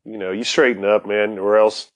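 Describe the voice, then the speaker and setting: A man's voice: fairly low pitch, fairly even intonation, moderate pace. Laid-back, profane man chatting. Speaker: podcast co-host. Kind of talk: casual chat.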